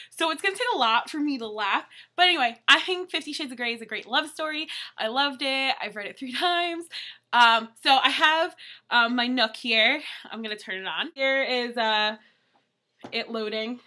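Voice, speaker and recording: A woman's voice: a little high, normal speed, sharp tone. A young woman vlogging casually, reading a book aloud and often breaking into laughter. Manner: giggly, keeps breaking into laughter.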